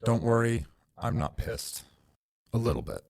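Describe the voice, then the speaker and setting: A man voicing a quiet non-human male creature whose typed words play back through a slightly robotic voice. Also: mid-range voice, big pitch swings, measured pace, creaky, no room sound, voice pushed up. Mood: dry, calm.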